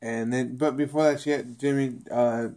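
Man, casual rambling recap, repeats himself, mid-pitched voice. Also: steady tone, normal speed, mellow. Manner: rambling, repeats himself, acts out characters' lines. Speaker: TV episode reviewer.

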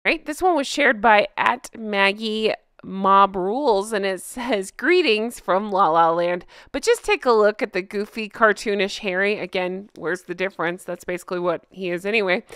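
Woman chatting and laughing through posts, smooth clear voice, dry close sound. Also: mid-range voice, animated, normal speed, a bit bright, no room sound. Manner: amused, laughing often. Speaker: co-host. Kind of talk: casual commentary reacting to social media posts.

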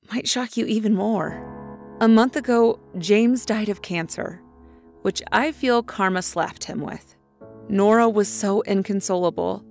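Woman narrator for a cartoon life story, gravelly texture, confessional delivery. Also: medium pitch. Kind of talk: scripted first-person story narration.

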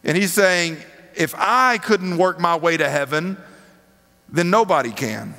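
High-voiced preacher in a reverberant hall. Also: male voice, expressive, a little slow, bright, forceful tone. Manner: casual, rhetorical questions to the audience. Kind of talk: conversational sermon. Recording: long reverb of a large hall.

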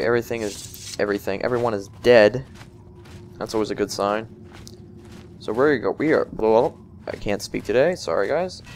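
A young man giving casual, excitable commentary over a video game, swearing and talking to his viewers. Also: lowish voice, creaky, slight background noise. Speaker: let's play gamer.

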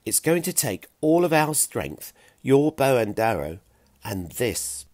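A man voicing a clever, eager Stone Age boy with a bright, excited delivery. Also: medium pitch, slow pace, no room sound, studio quality, pitched above the performer's own voice. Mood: determined.

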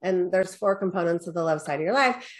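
A middle-aged woman speaks as a guest business coach in a relaxed interview. She sounds candid and animated and leans on little check-ins with the listener. When she quotes herself, her voice lifts. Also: fairly quick. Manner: animated storyteller, quotes herself with rising pitch; peppers talk with "right?" and "da, da, da". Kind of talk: casual storytelling interview.

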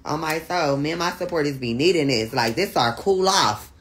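A woman hosting a casual live stream, chatting with viewers. She laughs often, swears freely and teases in a loud, playful way. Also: deep voice, moderate pace.

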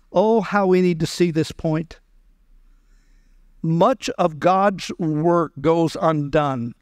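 A male pastor delivering a sermon with a high, smooth and resonant voice. He acts out the voices of scripture characters as he preaches. The sound is dry and close, with no room echo. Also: darkish tone. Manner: preaching, acting out the voices of God and Moses. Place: church.

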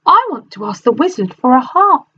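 A stiff, stranded tin man calls out in a high, strained voice, played by a woman reading aloud. His calls climb well above her normal pitch. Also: sing-song, moderate pace, fairly bright tone, slightly rough, dull audio, exaggerated voice.

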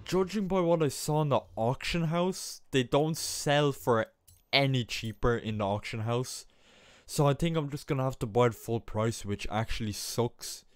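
A young man talks through his gameplay in a casual, chatty way. His voice sits at a middle pitch, and he keeps breaking into excited exclamations and poking fun at himself. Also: normal speed, clear, resonant tone, dry recording, clean studio sound. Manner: excitable, self-mocking, exclaims often. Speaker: gaming YouTuber.

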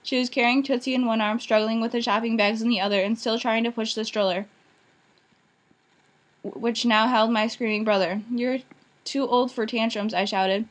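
A woman's voice: on the high side, steady tone, moderate pace. A woman reading a children's novel aloud, voicing each character plainly, with small slips and restarts. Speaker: audiobook reader.

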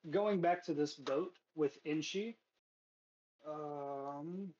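A man narrating a tabletop game as game master, relaxed and filler-heavy. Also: a little high, extremely slow, dull audio.

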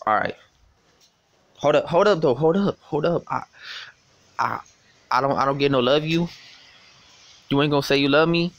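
A man's voice: on the high side, moderate pace, pauses often, fairly bright tone, dry recording. A young man in casual phone talk who taunts and swears, often stuttering and repeating words. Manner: taunting and profane, with many stammered repeats. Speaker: vlogger.

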